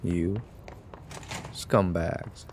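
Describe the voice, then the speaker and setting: A man's voice: sits low, drawn-out words, slight background noise. A man casually talking through a video game as he plays, joking at himself and getting worked up at the screen. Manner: excitable, jokey, talks to himself while playing. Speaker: gaming streamer. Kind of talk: casual let's-play commentary.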